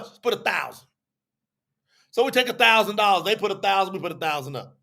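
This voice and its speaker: A man with a high voice and a bright, sharp tone, teaching a live audience. He talks in a loose, chatty way and acts out both sides of an argument. He circles back and repeats his points as he explains. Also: big pitch swings. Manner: repetitive, drawn-out explaining. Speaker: teacher on a religious telethon.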